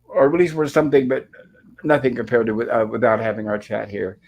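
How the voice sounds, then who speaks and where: A man's voice: medium pitch, brisk, darkish tone. Chatty man hosting a live stream. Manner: reads chat messages aloud, friendly and rambling. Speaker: podcast host. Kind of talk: casual live-stream chat.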